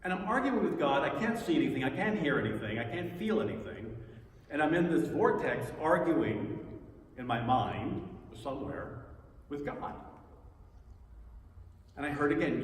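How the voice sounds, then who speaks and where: A man's voice: fairly high pitch, animated, moderate pace, pauses often. Earnest man in an echoey hall. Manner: earnest, reflective storytelling with wry self-deprecating humor. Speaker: speaker sharing a personal spiritual story. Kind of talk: personal testimony talk. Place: church hall. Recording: echoey hall, distant mic, faint noise.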